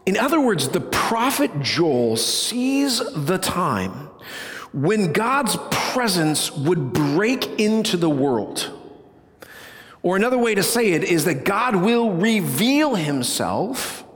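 A man preaching a sermon to a congregation, animated, with loud bursts and hushed low passages. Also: in a large hall. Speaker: pastor. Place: church sanctuary.

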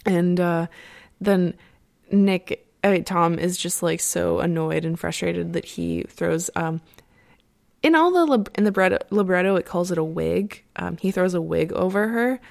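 A young woman chatting casually as she retells a story, full of "like"s and little laughs. Her voice is lowish and crackles with steady vocal fry. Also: unhurried. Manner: rambling, many fillers and "like"s, laughs often. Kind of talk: casual chat, retelling an opera plot.

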